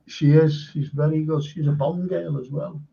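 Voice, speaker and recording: A man's voice: on the high side, fairly even intonation, moderate pace, vocal fry, warm tone. A man hosting a live stream, reading viewer comments aloud and chatting casually with fillers. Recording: dull lo-fi stream audio.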